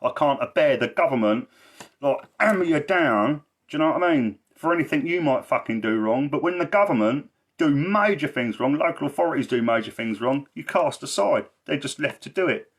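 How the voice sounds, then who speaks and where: A man's voice: fairly high pitch, expressive, normal speed, husky. A man talking in a blunt, rambling way on a casual livestream, swearing a lot and repeating himself for emphasis. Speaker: livestreamer and social care campaigner.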